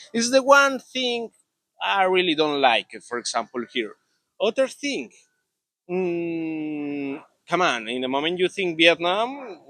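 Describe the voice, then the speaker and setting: Bright-voiced Colombian man, halting English. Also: a little high, dry recording. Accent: Colombian Spanish. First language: Spanish. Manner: halting non-native English with many restarts. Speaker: interviewee. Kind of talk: casual interview talk.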